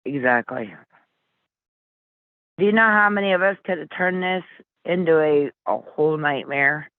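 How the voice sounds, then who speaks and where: A woman's voice: deep voice, moderate pace, no room sound. Woman, interview guest, blunt, earnest, casual swearing, phone-line sound. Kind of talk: emotional personal storytelling. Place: Flint, Michigan. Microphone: phone call.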